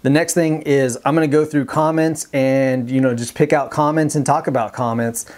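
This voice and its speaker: A man's voice: medium pitch, steady tone, normal speed, a little mellow. A man with a Texan accent vlogging casually to camera about fishing, plainspoken and rambling with many ums and restarts. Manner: plainspoken, determined. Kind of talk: casual vlog talk to camera.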